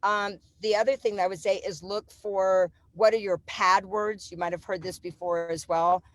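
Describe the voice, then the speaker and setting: A woman panelist giving advice in a hesitant way with many pauses. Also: mid-range voice, fairly even intonation, dry recording. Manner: hesitant, many fillers and restarts.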